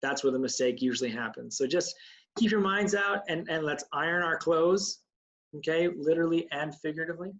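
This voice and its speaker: A man's voice: on the high side, a little fast, a bit bright, low-quality recording. A man teaching an acting class, coaching students and demonstrating lines aloud. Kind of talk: online acting class instruction.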